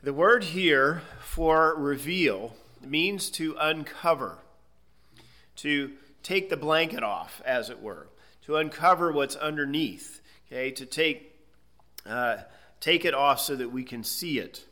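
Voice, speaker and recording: A man teaching a Bible lesson in a bright, sharp voice pitched a little high. He explains things step by step, pausing to check with "okay?" as he goes. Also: animated. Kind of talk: expository Bible lecture.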